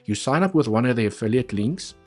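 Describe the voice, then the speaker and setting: A man's voice: medium pitch, expressive, brisk, darkish tone, faint music behind. A man talking casually through trading charts on a live stream, chatty and repeating points for emphasis.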